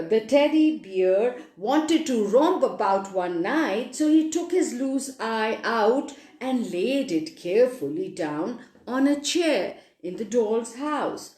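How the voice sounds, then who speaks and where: A woman reading a children's story aloud, expressive and animated, with sound effects. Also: fairly high pitch. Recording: echoey room.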